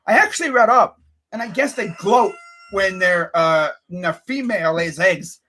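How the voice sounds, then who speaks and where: A man's voice: high-pitched, moderate pace. A young man vlogging as a sports fan, ranting casually and swearing a lot. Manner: animated, ranting, swears and says bruh a lot.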